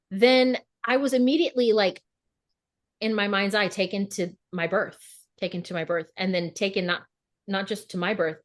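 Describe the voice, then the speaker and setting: A woman co-hosting a podcast over a video call, telling stories in a casual, animated way and acting out her own inner dialogue. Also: mid-range voice. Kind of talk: casual conversational podcast chat.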